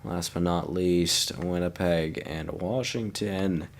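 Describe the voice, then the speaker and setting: A man's voice: low-pitched, takes it slowly, slight background noise. A young man casually commenting on his hockey video game franchise, tired and yawning, chatting to his viewers. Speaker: gaming YouTuber.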